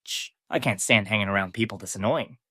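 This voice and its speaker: A man's voice: fairly low pitch, fairly quick, sharp tone, dry recording. Irritable pushy schoolboy, snappy, dry close sound, read by a man. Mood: annoyed. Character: irritable, pushy male high-school student.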